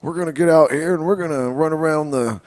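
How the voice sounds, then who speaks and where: A folksy middle-aged TV doctor, as a man on a podcast puts him on, pitching a workout in a mock-upbeat sales voice. The voice is pushed higher than his normal talk, and louder too. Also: fast talker, close to an everyday voice. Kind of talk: comedic impression on a podcast.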